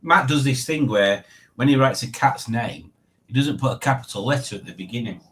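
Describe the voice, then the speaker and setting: A man's voice: medium pitch, brisk, a little hiss or hum. A man hosting a casual livestream, chatting and rambling to his viewers in a self-mocking way. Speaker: livestream host. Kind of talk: casual chat.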